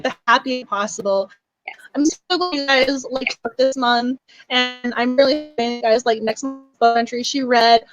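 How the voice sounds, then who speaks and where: A woman's voice: fairly high pitch, a bit bright, low-quality recording. A young woman hosting a book club livestream, chatting in a gushing, effusive way. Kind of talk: casual livestream chat.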